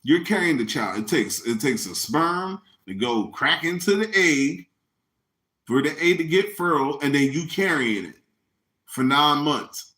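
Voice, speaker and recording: A man's voice: on the high side, a little slow. A man hosting a podcast, ranting in a casual, comedic, and profane way. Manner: animated, profane, mocking. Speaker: podcast host. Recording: echoey room.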